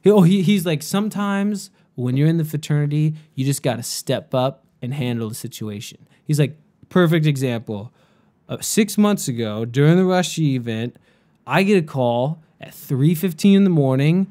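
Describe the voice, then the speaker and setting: A man's voice: fairly high pitch, expressive, moderate pace, mellow. A young man and podcast host telling a story in casual chat, rambling and profane, with lots of "like".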